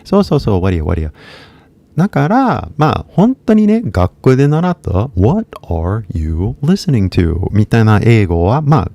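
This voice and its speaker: His voice is mid-range, recorded dry, as he runs an informal live-stream class. He switches between English with an American accent and Kansai-dialect Japanese, speaking in a loose, mumbly way.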